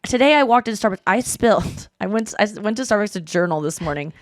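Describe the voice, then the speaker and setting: Brief: thirties woman, podcast host, chatty self-deprecating storyteller, mid-pitch. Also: lively intonation, fast talker. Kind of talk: casual chat.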